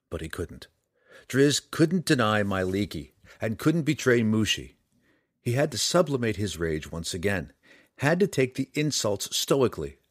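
Man, audiobook narrator, fantasy story, dramatic, expressive, low voice, dry close recording. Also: slightly rough, no room sound.

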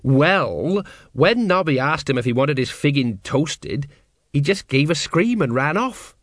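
A man's voice: a little high, animated, measured pace, dry recording, studio quality. A man reading an audiobook, voicing a sheepish, evasive middle-aged watch sergeant who talks colloquially.

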